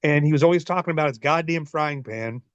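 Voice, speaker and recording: Man, 40s, wrestler guest: profane, animated storyteller, slightly high voice, dry lo-fi audio. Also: fast, dry recording. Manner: profane, animated, laughs often. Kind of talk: casual storytelling. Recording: dull lo-fi dry sound.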